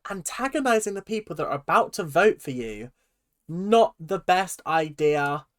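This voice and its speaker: A young man with an excitable, gushing, chatty manner, giving casual reaction commentary as a video host. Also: a little high, normal speed.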